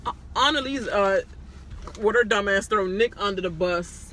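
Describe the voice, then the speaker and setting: A woman giving a casual, blunt recap of a reality show, animated and full of profanity. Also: medium pitch, normal speed, background noise.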